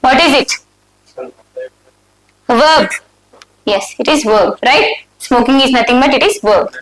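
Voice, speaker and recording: A woman with an Indian English accent and a high voice runs a live exam review. She reads the options aloud, asks her students for the answer and confirms it. Her voice rings in an echoey room. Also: expressive, slow pace, a bit bright. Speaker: exam prep teacher.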